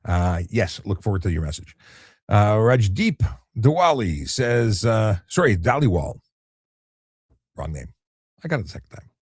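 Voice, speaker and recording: A man, a traffic cop, hosting a relaxed late-night live chat and answering viewer questions in an easygoing way, often repeating words as he restarts. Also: fairly low pitch, measured pace, long pauses, husky, no room sound, clean studio sound. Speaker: traffic cop and livestream host.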